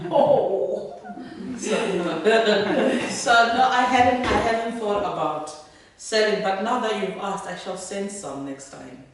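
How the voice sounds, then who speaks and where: A woman author reading her own fiction aloud, then taking questions in a lively, laughing way. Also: mid-range voice, slow pace, slight background noise. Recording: echoey room, distant mic.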